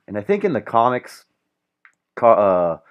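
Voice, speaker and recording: Deep-voiced man ranting casually. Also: big pitch swings, takes it slowly, lo-fi sound. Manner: loose and profane, with many fillers and quoted asides. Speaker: podcast host. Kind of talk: casual solo podcast monologue.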